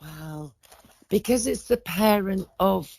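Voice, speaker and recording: A woman's voice: mid-range voice, slow, gravelly, darkish tone, breathy edge, dry recording. A woman in her forties, a podcast guest in casual chat, telling stories in a rambling way, breaking off and restarting her sentences. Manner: rambling, self-interrupting storyteller.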